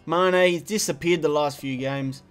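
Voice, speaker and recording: A young man playing a football video game, commenting on the match as he plays, swinging from muttering to shouting in frustration. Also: a little high, moderate pace, clean tone, faint music behind. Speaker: gaming video creator.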